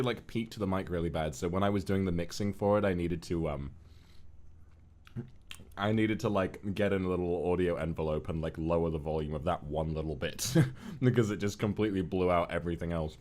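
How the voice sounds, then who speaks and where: Low-voiced man rambling on a stream. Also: a little fast, a little mellow. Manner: rambling, with frequent restarts and repeated words. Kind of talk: casual livestream chat.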